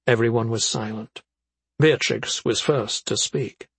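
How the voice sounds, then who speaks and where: Husky male audiobook narrator. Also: mid-range voice, a little slow, a bit bright, no room sound. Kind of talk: scripted narration.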